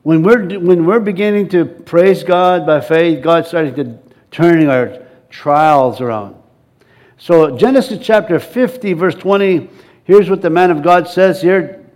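A male pastor preaching a sermon in a church, lively and coaxing the congregation to answer back and join in. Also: a little high, unhurried.

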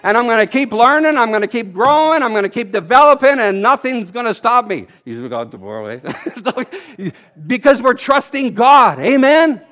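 Man in his 50s, very high voice, energetic sermon with exclamations and laughter. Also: moderate pace. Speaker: guest preacher. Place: church service.

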